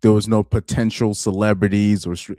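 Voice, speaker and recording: A man commenting on a live stream in a halting way, often repeating words and reading quotes aloud. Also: lowish voice, little pitch movement, dark tone, no room sound, clean studio sound.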